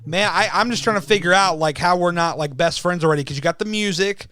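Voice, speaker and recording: A man hosting a podcast in casual chat, enthusiastic and quick to laugh, sometimes tripping over his words. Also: sits high, bright, forceful tone, smooth, dry recording, studio quality. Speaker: podcast host.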